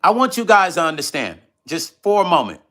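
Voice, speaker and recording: This is a middle-aged man running a laid-back livestream, eating and reading out what viewers write. His fairly high voice swings widely in pitch, comes fairly quickly and sounds a bit bright. He keeps things loose and conversational, circling back over the same words when emotional.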